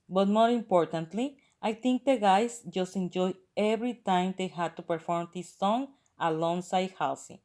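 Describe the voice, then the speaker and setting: A woman narrating a countdown video as a channel host, reading out chart facts and lists in a steady, scripted way. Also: on the low side.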